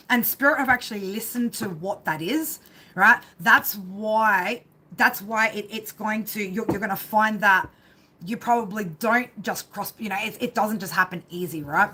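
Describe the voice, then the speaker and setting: There's slight background noise as a woman with a sharp, mid-range voice reads tarot live on a stream. She swears, rambles casually, and keeps finishing phrases with "right?".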